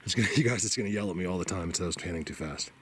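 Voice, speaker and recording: Hiking through mountain woods with a handheld camera mic, a man narrates in a low, racing voice with slight background noise. He chats casually to viewers, calling them "you guys," and occasionally gets winded.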